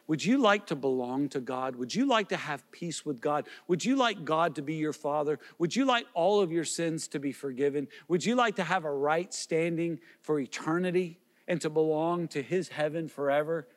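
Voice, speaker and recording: A man's voice: on the high side, normal speed, hardly any pauses, long reverb tail. A man preaching as a pastor, earnest and pleading, with repeated questions and small restarts. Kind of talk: sermon.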